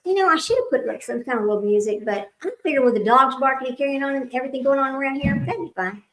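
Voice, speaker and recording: Talking rapid-fire in a high, somewhat bright voice, a middle-aged woman runs a casual livestream trivia game, rambling through tangents and laughing a lot with her audience like old pals. The poor audio carries a little hiss or hum.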